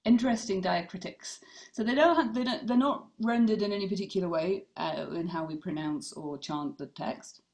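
A woman's voice: mid-range voice, normal speed, a little mellow. A woman rabbi leading a casual online study class, thinking aloud with fillers and reading out participants' comments. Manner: thoughtful, many fillers and restarts, reads out participants' comments. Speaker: rabbi teaching a study session.

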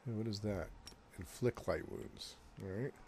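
A man with a low voice narrates his gameplay in a relaxed, thinking-aloud way. He reads bits of on-screen text and mutters through menus. Faint game sounds hum in the background. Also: normal speed, gravelly. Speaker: gameplay host. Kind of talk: casual gameplay commentary.

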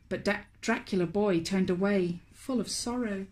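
A woman, a children's author, reading a picture book aloud to toddlers in a slow, expressive, sing-song way. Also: medium pitch. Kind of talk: storybook read-aloud for toddlers.

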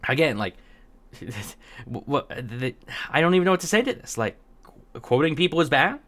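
A man's voice: medium pitch, sing-song, unhurried, fairly bright tone. A man giving casual political commentary, exasperated and sarcastic, stumbling over restarts and laughing in disbelief. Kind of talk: casual commentary reading tweets.

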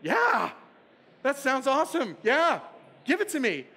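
A man's voice: high-pitched, animated, moderate pace, pushed and bright. Man playing an eager young ship captain. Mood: excited. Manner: eager, stammering, overenthusiastic.

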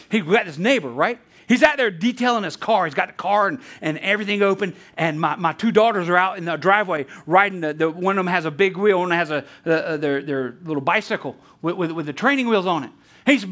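A man preaching a sermon as pastor, animated and quick to laugh, acting out a story with voices. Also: high voice. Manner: animated, laughs often, tells stories with voices.

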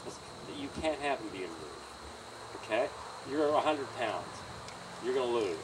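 A man training a horse outdoors by a trailer, coaching a student in an encouraging, animated way and often laughing. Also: medium pitch, a little slow. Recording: distant outdoor mic with insect noise.

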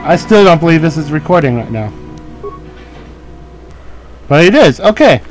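A man with a slightly high voice chatting through a video game session, playful and quick to joke at his own expense. Faint game music runs underneath. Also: sing-song, poor audio. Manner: joking, playful, laughs at himself. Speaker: let's play host. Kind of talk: casual gameplay commentary.

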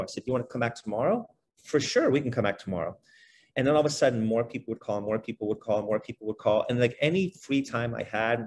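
A middle-aged man, speaking quickly and in a fairly low voice, recounts his career as a podcast guest. His delivery is animated and loose, threaded with casual fillers, and a faint hiss sits under the recording. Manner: animated, fast-flowing, many fillers like "you know" and "like". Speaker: podcast guest, basketball trainer. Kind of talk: conversational storytelling.

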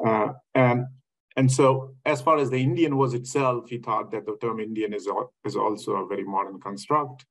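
A man's voice: mid-range voice, steady tone, normal speed, fairly bright tone, rough recording. A man giving a webinar lecture over a video call, thinking aloud with many fillers and restarts. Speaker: academic speaker.

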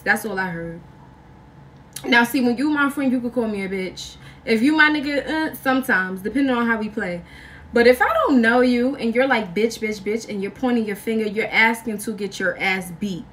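A young woman with a fairly high voice tells a storytime vlog in loose, slang-filled talk. She is animated and acts out the people in her story. She sits a little back from the mic, with faint noise behind her. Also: far from the mic. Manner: animated, slangy, acts out quotes with big jumps in voice. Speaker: vlogger.

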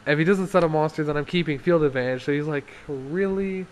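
A young man talking casually through his card game deck, excitable, laughing often and acting out his opponents. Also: fairly high pitch, racing, a little hiss or hum.

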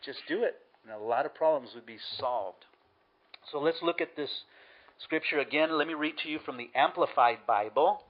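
A man's voice: on the high side, normal speed, dull audio. A man preaching a sermon as pastor, earnest and emphatic, repeating key words for stress.

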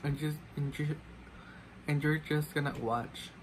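A man's voice: a little high, fairly even intonation, measured pace, a little hiss or hum, rough recording. A man chatting casually while doing his makeup, rambling and self-mocking, switching languages mid-sentence. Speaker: makeup vlogger.

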